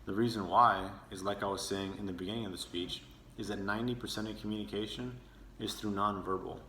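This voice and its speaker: A man's voice: on the low side, steady tone, brisk, sharp tone, a little hiss or hum. Young man giving an echoey class speech. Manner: earnest, demonstrating with his own tone. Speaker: student speaker. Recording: echoey room with faint ambience.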